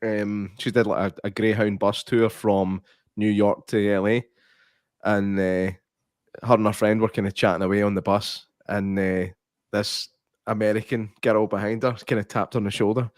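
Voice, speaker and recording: A man's voice: on the low side, level tone, moderate pace, no room sound, studio quality. A Scottish man in his forties, a podcast co-host who chats casually and laughs a lot while telling rambling stories. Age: 40s. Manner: laughs often, tells rambling anecdotes. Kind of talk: casual watch-along chat.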